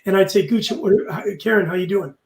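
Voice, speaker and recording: Emotional high-voiced host in an echoey room. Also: male voice, fast talker. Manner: emotional, heartfelt storytelling. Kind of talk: casual chat.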